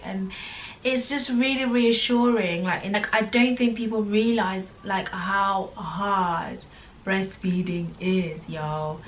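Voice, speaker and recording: A woman's voice: mid-range voice, unhurried, a bit bright, far from the mic, slight background noise. A young woman talking candidly to camera at home, full of fillers and addressing viewers as "guys". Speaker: vlogger, first-time mother. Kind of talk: casual chat to camera. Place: home room. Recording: voice a little off-mic, faint music behind.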